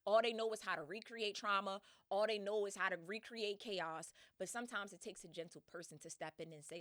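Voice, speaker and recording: A woman's voice: mid-range voice, brisk, few pauses, dry recording, clean studio sound. A woman hosting a podcast, retelling a story in casual slang with lots of energy and laughs. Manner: slangy, animated, laughs often. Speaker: podcast host.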